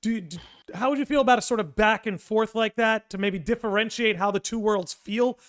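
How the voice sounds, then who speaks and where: This is a male podcast host with a notably high, smooth and resonant voice. He talks with eager enthusiasm, piling up thoughts before handing the floor to his guest with an open question. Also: a little fast, fairly bright tone. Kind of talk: casual podcast conversation.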